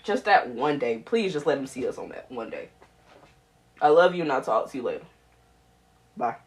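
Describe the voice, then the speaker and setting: A woman's voice: very deep voice, animated, normal speed. A woman recording an emotional, pleading video message to her mother on a phone, often repeating herself. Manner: pleading, repeats herself, swings between soft and loud.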